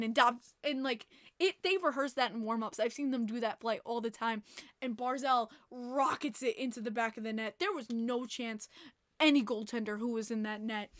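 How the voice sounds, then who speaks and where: A woman hosting a casual hockey podcast, animated and laughing often, swearing freely. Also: on the high side, dry recording, studio quality. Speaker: podcast host.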